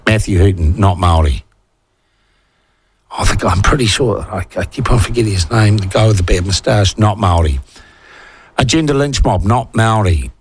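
A man with a New Zealand accent hosting a talk radio show, speaking bluntly and sarcastically, swearing casually and reading out listener messages. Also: lowish voice. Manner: reads listener messages aloud. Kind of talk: opinionated talk radio monologue.

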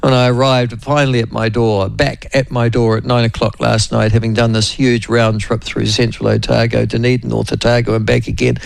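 A man's voice: mid-range voice, flat delivery, brisk, creaky, few pauses, dry recording. A middle-aged man with a New Zealand accent hosting a casual talk radio show, rambling and wry, full of opinions and asides to his co-host. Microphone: studio microphone.

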